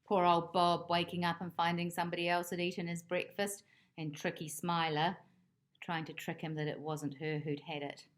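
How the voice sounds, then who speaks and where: A woman reading a children's picture book aloud in an expressive, animated way. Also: lowish voice, normal speed. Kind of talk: children's storybook read-aloud.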